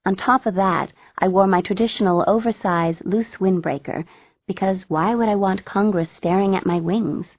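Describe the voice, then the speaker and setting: A woman reading a first-person audiobook with a wry voice and animated dialogue. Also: medium pitch, normal speed, no room sound, highs cut off. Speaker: audiobook narrator.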